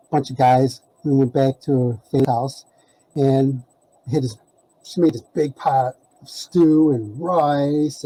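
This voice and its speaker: A man's voice: mid-range voice, warm tone, low-quality recording. A man telling a rambling story as a podcast guest, full of fillers and laughs. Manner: rambling, many "you know" fillers, laughing. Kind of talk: casual storytelling.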